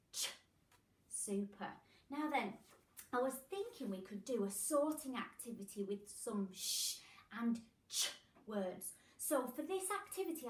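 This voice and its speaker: An English woman teaches a phonics lesson in a slow, sing-song way, with a high voice that swoops up and down as she drills each sound. Her voice sits back from the mic in an echoey room. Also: recorded from a distance. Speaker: primary school teacher. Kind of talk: phonics lesson for young children.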